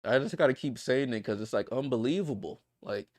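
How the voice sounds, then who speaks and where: A man hosting a livestream watchalong, calling a basketball game with exasperated, disbelieving commentary, swinging between loud outbursts and muttered asides. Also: medium pitch, expressive, a little fast, no room sound, studio quality.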